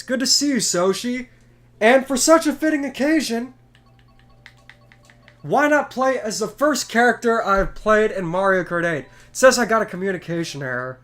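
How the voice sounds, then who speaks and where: A man in his twenties, congested from a cold, chatting in a chatty, excitable way while streaming a game. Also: high voice. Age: 20s. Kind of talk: casual live stream chat.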